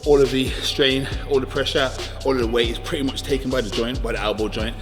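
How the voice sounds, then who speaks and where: A bodybuilder giving a casual gym workout tutorial, chatty and relaxed, with lots of ums. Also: male voice, medium pitch, quick pace, in a large hall. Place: echoey gym. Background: music playing.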